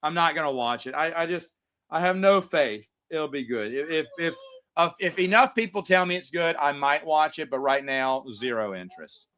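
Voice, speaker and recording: A man's voice: a little high, animated, normal speed, a bit bright. A man hosting a casual livestream, answering viewer chats in a rambling way with frequent stammers and restarts.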